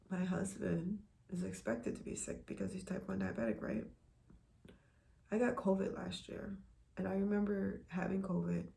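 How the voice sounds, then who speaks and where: A woman's voice: medium pitch, creaky, dark tone. A woman talking casually to her viewers in a personal vlog, earnest and repeating lines for emphasis, often dropping to a near whisper. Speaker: vlogger sharing a health journey.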